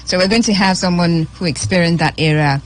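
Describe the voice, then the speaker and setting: A woman's voice: fairly low pitch, a little fast, a little hiss or hum. A woman with a Nigerian accent hosting a radio show, chatting and reading the news, stressing words by repeating them. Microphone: studio microphone.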